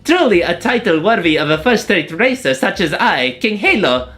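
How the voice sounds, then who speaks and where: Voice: medium pitch, sing-song, moderate pace, a bit bright, soft background music, pitched above the performer's own voice. A streamer voicing a haughty, proud noble racing girl from game dialogue, grandiose and commanding. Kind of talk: reading game dialogue in voices.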